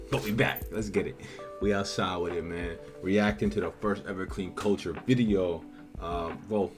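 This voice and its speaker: A man in his thirties, recording a casual reaction vlog outdoors. He swears a lot and swings between frustration and hype as he reacts to old footage. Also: low-pitched. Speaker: car show organizer reacting to old footage.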